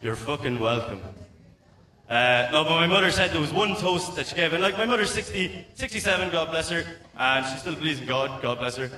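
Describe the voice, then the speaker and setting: Irish stand-up comic, thirties, high voice, profane and rambling; roomy sound, mic kept at a distance. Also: male voice, animated, fairly quick, pushed and bright, slight background noise. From Ireland. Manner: profane, rambling, frequent stammered restarts. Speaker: stand-up comedian. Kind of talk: stand-up comedy set. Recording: echoey room, mic at a distance.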